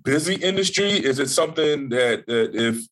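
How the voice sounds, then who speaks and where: A man co-hosting a podcast, asking relaxed, thoughtful questions in casual chat. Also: mid-range voice, normal speed. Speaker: podcast co-host.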